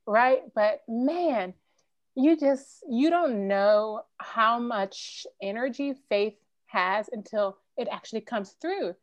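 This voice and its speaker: A woman's voice: on the high side, slow, no room sound, highs cut off. A middle-aged woman speaking earnestly and emotionally as a podcast guest. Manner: earnest, emotional, faith-driven storytelling. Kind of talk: candid interview conversation.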